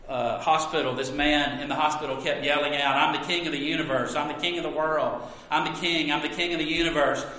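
A man's voice: high voice, pushed and bright. A man preaching a sermon in an earnest, emphatic way, often asking rhetorical questions. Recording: echoey hall with long reverb.

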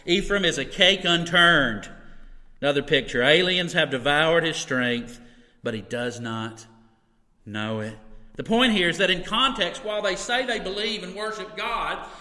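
A middle-aged man preaches from the pulpit, earnest and chatty, slipping in asides. His voice sits a little high and rings bright and forceful. The sound is roomy, with a long hall reverb. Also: expressive, unhurried. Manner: earnest, conversational preaching with occasional laughs and asides. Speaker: pastor. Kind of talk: sermon. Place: church sanctuary.

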